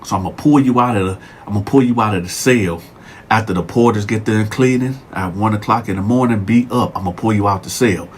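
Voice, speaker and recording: A man voicing a bold, scheming female prison guard who speaks in a low, hushed murmur. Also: fast, slight background noise, natural voice. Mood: seductive whisper.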